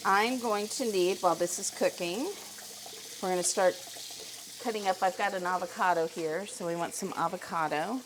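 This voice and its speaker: Streaming live from her home kitchen, this middle-aged woman from Missouri rambles through casual cooking talk full of fillers. Her voice is fairly low and her pace normal, set against a noisy background.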